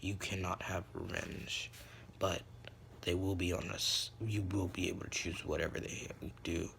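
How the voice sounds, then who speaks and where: A man playing a calm old fallen angel, commanding grandfather, low soothing voice, slightly gravelly. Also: normal speed, a little hiss or hum, rough recording.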